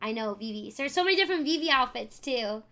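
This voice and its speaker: A woman's voice: on the high side, expressive, fast, sharp tone. A young woman streaming live, chatting casually and effusively thanking viewers by name. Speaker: variety streamer.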